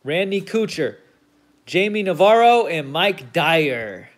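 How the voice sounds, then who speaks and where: A man with a high voice hosts a card break, reading off each player's name at an unhurried pace. He swears casually and perks up when a big card turns up. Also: sing-song. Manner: reels off player names, gets hyped at big pulls, swears casually. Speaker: host of a card break stream. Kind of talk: casual commentary while opening card packs.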